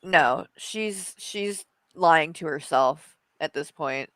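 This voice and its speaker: A woman's voice: sits low, slow pace, a bit bright, no echo. A woman giving casual reaction commentary in a scornful, disgusted way.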